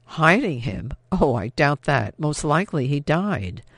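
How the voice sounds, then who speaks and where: A scared, angry young Frenchwoman speaks in a raised, sharp voice, put on by a man. Her anxious lines climb toward fury, with a gravelly undertone. The sound is dry and close. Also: on the high side, big pitch swings, unhurried, dry recording, exaggerated voice. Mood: wary.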